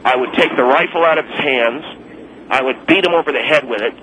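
A man's voice: mid-range voice, a little fast, a bit bright, a little hiss or hum, lightly acted, low-quality recording. A man voicing a boastful, touchy self-styled auxiliary policeman calling a radio talk show. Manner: boastful, indignant, combative. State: claims to have the flu. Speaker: caller.

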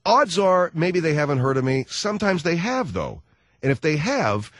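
A man's voice: a little high, normal speed, no echo. A man hosting a talk radio show, brash and jokey, acting out little scenes, on a studio microphone. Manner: brash, jokey, animated storyteller who acts out voices. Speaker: radio host. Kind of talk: casual talk radio monologue.

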